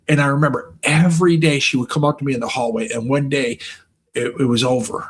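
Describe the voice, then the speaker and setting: Husky-voiced man, casual storyteller, crude and swearing, acts out the voices he quotes. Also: a little high, a little fast.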